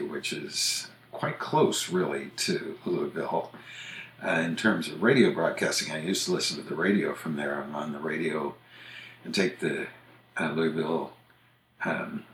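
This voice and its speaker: Very deep but a little bright, an older man's voice explains word pronunciations on his podcast in a thoughtful, casual way full of fillers. He's a host and usage author, recorded with a roomy echo and faint background noise.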